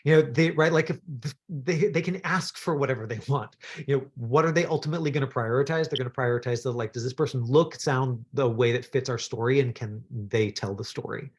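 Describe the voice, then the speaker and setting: A man's voice: medium pitch, a little fast, few pauses, slightly rough. A man from Canada coaching actors through self-tapes in a chatty, encouraging way, with plenty of fillers. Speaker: acting coach. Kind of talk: acting workshop instruction.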